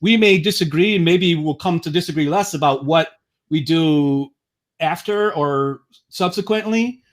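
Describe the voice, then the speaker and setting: A man's voice: fairly high pitch, unhurried. A man appearing as a guest on a casual political chat, blunt and profane, rambling through his points.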